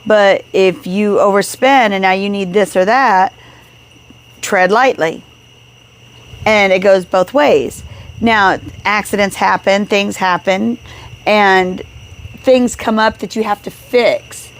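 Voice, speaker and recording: A woman's voice: mid-range voice, slow pace. A woman co-hosting a casual podcast chat at home. She tells stories with energy and acts out what each person said. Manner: animated storyteller acting out quoted dialogue. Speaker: podcast co-host.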